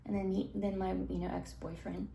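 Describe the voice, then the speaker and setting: A woman telling a rambling story, halting, full of fillers and restarts, sometimes dropping into half-whispers. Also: mid-range voice, little pitch movement, vocal fry, warm tone, a little hiss or hum. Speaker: storyteller recounting a dream. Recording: roomy echo.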